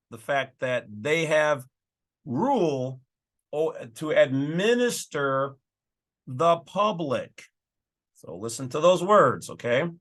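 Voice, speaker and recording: A man's voice: on the high side, a bit bright. A man hosting his own channel, casually talking through and reading legal documents with folksy, emphatic asides. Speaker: channel host.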